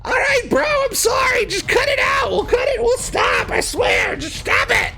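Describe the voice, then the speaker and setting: A man voicing panicky goblins who shout apologies in a shrill, high voice. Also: very animated, normal speed, creaky, faint music behind, heavily acted. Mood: panicked.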